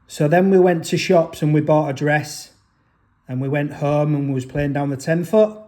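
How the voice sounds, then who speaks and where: A man's voice: on the high side, normal speed, warm tone. A father telling a personal story in an aggrieved, rambling way, often restarting his sentences. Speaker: father vlogger.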